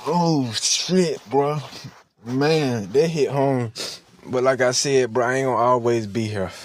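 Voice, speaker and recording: A man's voice: medium pitch, slow, a little hiss or hum. A man vlogging in a heated, preachy monologue, swearing freely and close to tears. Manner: impassioned, preachy, profane. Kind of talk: emotional direct-to-camera monologue.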